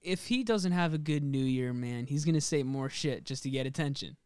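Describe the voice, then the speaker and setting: A man's voice: medium pitch, fairly quick, darkish tone, smooth, no echo, clean studio sound. A young man co-hosting a podcast, chatting casually and joking, swearing freely with lots of fillers. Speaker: podcast co-host. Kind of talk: casual chat.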